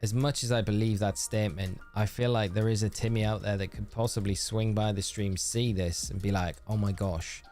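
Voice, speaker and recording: Man, streamer, low voice, chatty, reads out chat, faint music behind. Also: fairly even intonation, fairly quick, hardly any pauses, darkish tone. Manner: chatty, reads viewer messages aloud and answers them. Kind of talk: live game-stream chat.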